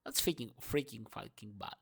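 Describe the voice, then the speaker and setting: A young man ranting through a morning monologue in his second language. He swears freely and swings between loud outbursts and low murmurs. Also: moderate pace, gravelly, breathy edge. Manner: speaks English as a second language. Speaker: vlogger.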